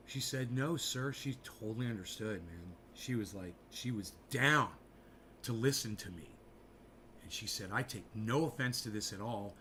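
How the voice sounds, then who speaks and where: A man chatting casually with his audience, telling stories in an animated way with a lot of swearing and joking asides. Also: mid-range voice, moderate pace, slight background noise. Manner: animated storytelling, frequent swearing, jokey mock-advert asides. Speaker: streamer. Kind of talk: casual rambling chat.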